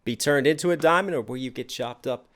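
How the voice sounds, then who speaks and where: In a very noisy recording, a young adult man who raps reacts to a music track, speaking briskly in a mid-range voice. He's casual and enthusiastic, breaking down the lyrics line by line.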